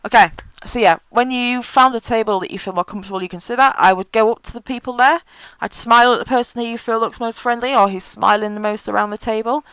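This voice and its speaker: Woman, casual vlog, frank and chatty, lots of ums, smooth clear tone. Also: on the high side, steady tone, fast talker, hardly any pauses, a bit bright, no room sound, low-quality recording. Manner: frank and chatty, with many fillers. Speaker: vlogger.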